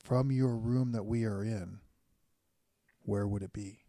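A man playing a high cleric, speaking in a formal, measured and earnest way. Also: steady tone, mellow, dry recording.

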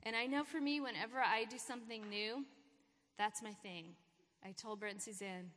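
A woman's voice: a little high, steady tone, moderate pace. A woman giving an informal, encouraging sermon talk at a church gathering. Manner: encouraging, warm pep talk with laughter. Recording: long hall reverb.

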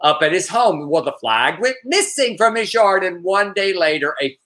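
Guy cohosting a podcast, highish bright voice, chatty and campy. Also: lively intonation, moderate pace. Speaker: podcast co-host. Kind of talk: casual chat, news banter.

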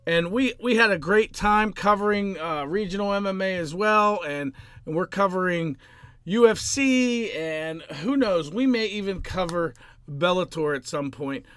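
A man's voice: sits high, unhurried, clear, resonant tone, no echo. A man hosting a podcast, hyping the intro and then chatting casually with his co-host. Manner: energetic announcer-style intro, then relaxed.

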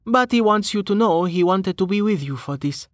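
A man voicing a brisk young adventurer woman. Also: sits high, lively intonation, dry recording, studio quality, voice pushed up.

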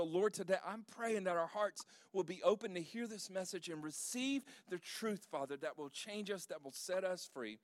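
A man's voice: sits high, no room sound, clean studio sound. A man preaching a sermon as pastor, reading scripture emphatically and leading a prayer.

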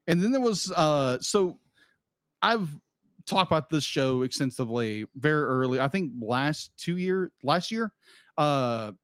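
A man's voice: fairly high pitch, clean tone, no echo. A man co-hosting a podcast, chatting casually in a rambling way with frequent restarts and asides. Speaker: podcast co-host. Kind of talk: casual chat.

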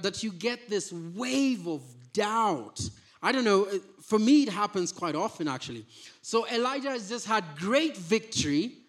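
A man's voice: high voice, a bit bright. A man preaching a sermon, reading scripture and then explaining it in a conversational way, often restarting his sentences. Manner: conversational, with frequent restarts and stammers. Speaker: pastor.

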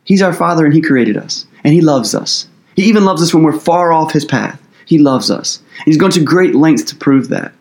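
A man's voice: on the high side, animated, moderate pace, few pauses, darkish tone. A man preaching as pastor in a conversational sermon, earnest and casual, with loose phrasing and plenty of fillers.

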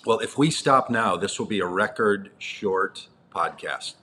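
A man with a very low voice and a bright, forceful edge to his tone. He co-hosts a live-streamed podcast in loose, joking chat, teasing his partner as he wraps up the show. He talks from inside a rented apartment unit. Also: a little slow, slight background noise. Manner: joking, teasing wrap-up banter. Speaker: podcast co-host.

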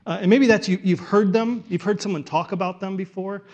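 A man preaching a sermon in an animated way, often acting out the thoughts of imagined listeners. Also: high-pitched, brisk, highs cut off. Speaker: pastor.

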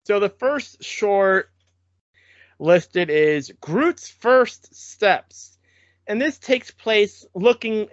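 A fairly high-voiced man in a casual podcast chat, animated and quick to laugh. The sound is dull and lo-fi, with a dry, close feel and no room around him. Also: no echo. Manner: animated, laughs often, restarts a lot. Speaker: podcast co-host. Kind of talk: casual chat recapping shorts.

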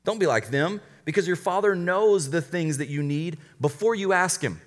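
A man who is a college pastor, preaching a conversational sermon with quick asides and light humor. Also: on the high side, animated, long reverb tail.

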